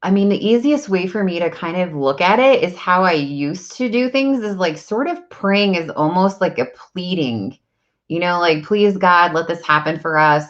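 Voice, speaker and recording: A woman's voice: lowish voice, animated, normal speed, lo-fi sound. A woman, an energy practitioner and coach, talking casually and at length, rambling with many fillers like "like" and "um". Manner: chatty, rambling, many likes and ums. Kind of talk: casual spiritual talk to camera.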